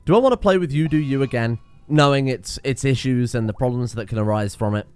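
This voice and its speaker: A young man giving casual, excitable let's-play commentary, swearing and laughing at in-game disasters. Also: mid-range voice, quick pace, smooth. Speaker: gaming video host.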